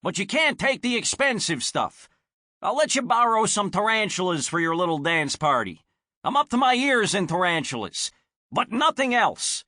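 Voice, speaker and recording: A man's voice: sits high, sing-song, a little slow, no echo, clean studio sound, voice pushed up, exaggerated voice. A man doing an exasperated shopkeeper. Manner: exasperated, shouting. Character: harried male pet shop owner, exasperated.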